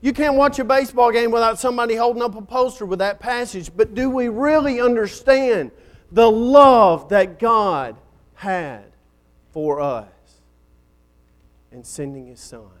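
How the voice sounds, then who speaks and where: A man's voice: extremely high pitch, expressive, moderate pace. A man preaching a sermon in a dramatic style, building up and then falling nearly silent at the ends of phrases.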